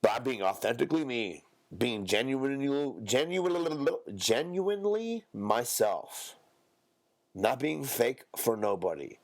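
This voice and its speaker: A young man, a podcast co-host, ranting bluntly and profanely in casual talk, now and then mocking others in a squeaky high voice. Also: vocal fry.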